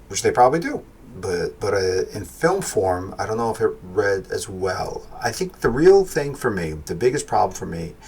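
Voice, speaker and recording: A man's voice: on the low side, a little hiss or hum. A man giving a casual spoken film review, rambling and correcting himself as he thinks aloud.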